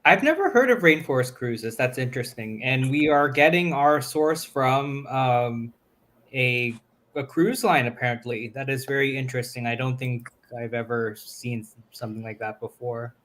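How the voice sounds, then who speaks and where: Podcast guy thinking out loud, lots of um, pretty average voice. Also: mid-range voice, moderate pace. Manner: hesitant, musing aloud with fillers. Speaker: podcast co-host. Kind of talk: casual chat.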